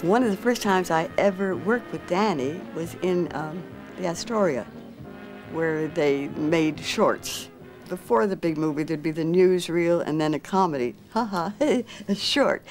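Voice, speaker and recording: A woman's voice: lowish voice, measured pace, soft background music, low-quality recording. Amused woman recalling film work. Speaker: interviewee. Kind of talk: reminiscing interview.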